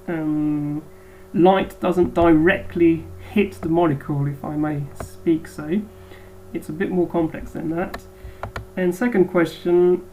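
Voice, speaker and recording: A woman's voice: on the low side, mellow, slight background noise, rough recording. A woman biology teacher giving a recorded lecture, hesitant with frequent ums.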